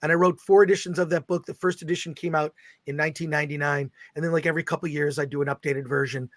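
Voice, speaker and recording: A middle-aged man hosting a casual livestream chat, excitably reading viewer comments aloud. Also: a little high, very fast, no room sound. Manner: excitable, reads viewer super chats aloud. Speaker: host.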